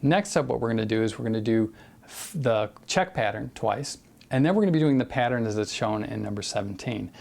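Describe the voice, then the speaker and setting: Gravelly-voiced man teaching drums. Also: medium pitch, fairly quick. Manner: relaxed, many fillers, counts aloud. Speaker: drum instructor. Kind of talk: casual drum lesson with counting.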